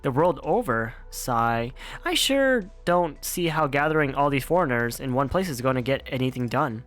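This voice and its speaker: A man voicing a skeptical male dignitary who sighs and grumbles in a low, sardonic tone. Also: expressive, moderate pace, a bit bright, soft background music, natural voice. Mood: grumbling.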